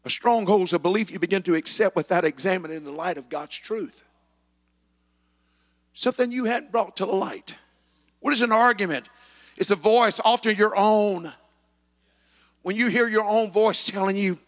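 A man preaching a sermon as pastor, building to shouted passages with scripture quotes in a church. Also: sits high, lively intonation, moderate pace, big-room sound. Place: church sanctuary.

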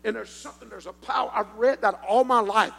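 An older man with a Southern US accent preaching a sermon in a folksy storytelling manner that builds into fervent shouting. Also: sits high, a little fast, vocal fry, slightly rough. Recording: long hall reverb.

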